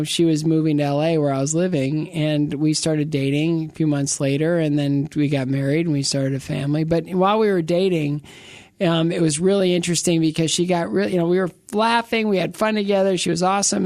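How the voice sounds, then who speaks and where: A middle-aged man with a gravelly, creaky edge tells a personal story as an interview guest. He rambles and restarts his sentences, dropping joking asides along the way. The recording is dry and close. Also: fairly high pitch, a little mellow, no room sound. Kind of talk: casual interview, personal testimony.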